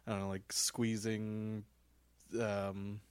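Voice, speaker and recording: Co-host dude, lowish voice, dry sound, kinda hesitant and trails off. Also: male voice, monotone, takes it slowly, smooth, no room sound. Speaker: podcast co-host. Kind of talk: casual chat.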